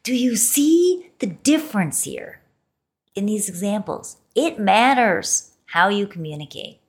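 A woman's voice: mid-range voice, very animated, unhurried. A woman hosting a solo podcast, talking expressively and playfully and drawing out words for emphasis. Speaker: podcast host.

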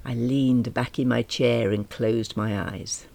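Wry woman narrating, gravelly. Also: rumbling low, steady tone, slow, mellow. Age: middle-aged. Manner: wry and self-deprecating. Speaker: audiobook narrator. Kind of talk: first-person audiobook narration.

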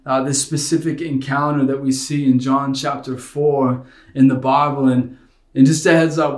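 Brief: man, 30s, earnest conversational preacher, fairly high voice, roomy bedroom studio sound. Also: a little mellow. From United States. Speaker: pastor. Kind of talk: online sermon, casual storytelling.

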